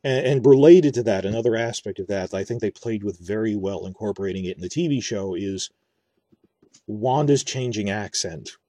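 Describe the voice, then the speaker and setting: Man, low voice, mellow tone, dry close sound, earnest, rambling commentary, frequent restarts. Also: normal speed, no echo. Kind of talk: casual video commentary on a TV series.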